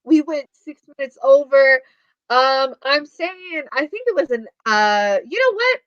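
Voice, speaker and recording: Woman co-host, high chatty voice, dry dull lo-fi stream audio. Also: expressive, unhurried, a bit bright, no room sound. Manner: chatty, giggly, rambling with fillers. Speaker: co-host of a wrestling watch party stream. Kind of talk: casual live-stream chat.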